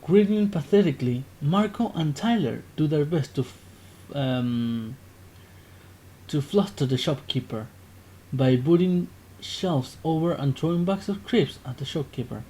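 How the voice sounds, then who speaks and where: A man's voice: fairly high pitch, a little slow, mellow, slight background noise. A man casually narrating a text game aloud, often stopping to correct himself. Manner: casual, self-interrupting narration. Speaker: gaming video creator.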